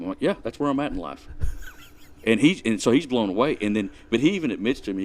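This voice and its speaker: A man's voice: medium pitch, animated, quick pace, a little mellow. A man in his forties, a podcast guest, retelling a prank story in a laid-back, dry way. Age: 40s. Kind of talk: casual storytelling chat.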